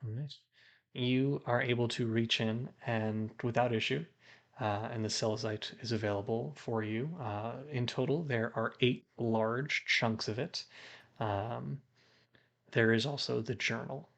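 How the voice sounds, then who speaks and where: A man running a tabletop game stream, narrating scenes in an unhurried, hesitant way. His voice is gravelly and sits in a middle range. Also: medium pitch, steady tone, fairly bright tone. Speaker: game master.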